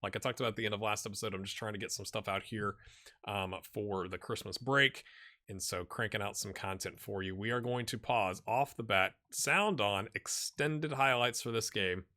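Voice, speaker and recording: Excitable man commentating his football game. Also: on the low side, normal speed. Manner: excitable, swings from mumbling to shouting at near misses. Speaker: gaming YouTuber. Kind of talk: let's-play commentary.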